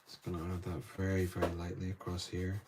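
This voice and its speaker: A man hosting a live painting demo, thinking aloud softly as he works and brightening when he greets viewers in the chat. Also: deep voice, completely flat delivery, fast, a little hiss or hum. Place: indoor studio room.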